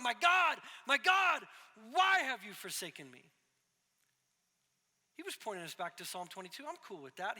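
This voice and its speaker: A man's voice: very high voice, sharp tone, big-room sound. A young adult man preaching a sermon as a pastor, talking conversationally with frequent asides and self-deprecating humor.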